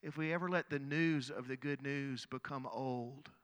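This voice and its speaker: A man's voice: mid-range voice, steady tone, normal speed, long reverb tail. A middle-aged male pastor telling a story in a sermon, earnest, often repeating words as he goes.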